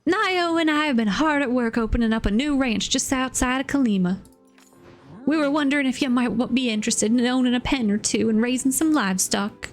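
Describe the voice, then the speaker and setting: A woman's voice: sits high, a little fast, soft background music, voice pushed up, natural voice. A woman streamer reading a friendly folksy rancher villager's game dialogue in her own voice. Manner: plain read-aloud of game dialogue.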